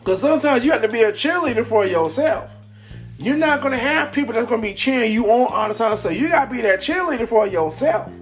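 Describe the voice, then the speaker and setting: A vlogger with an extremely high, animated voice talks fast in a casual motivational piece to camera, rambling, repeating words, and using many fillers. He's recorded indoors at home by a camera in front of him, with soft music playing in the background.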